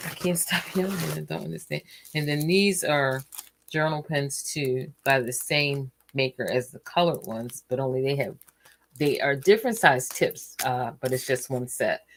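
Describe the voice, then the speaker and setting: A woman hosting a relaxed livestream at home, chatting casually with lots of fillers, tired and yawning. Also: a bass voice, a little slow. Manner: rambling and chatty, trails off with fillers. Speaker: host of a relaxing stream.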